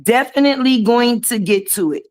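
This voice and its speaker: A hoarse-voiced woman hosting a casual live stream from a garage, chatting and greeting viewers by name and calling them baby. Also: fairly high pitch, lively intonation, normal speed, darkish tone.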